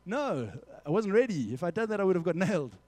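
A young man preaching a casual, energetic sermon to a youth group, slipping into quick acted-out dialogues as he teaches. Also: high voice, no room sound. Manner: energetic, conversational, acts out little dialogues. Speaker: youth pastor.

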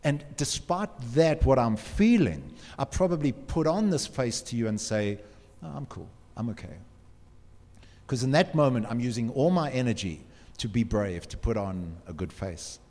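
A man's voice: medium pitch, lively intonation, moderate pace, few pauses, darkish tone. A man gives an earnest motivational talk to students, asking them direct questions. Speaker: speaker addressing students. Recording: long hall reverb.

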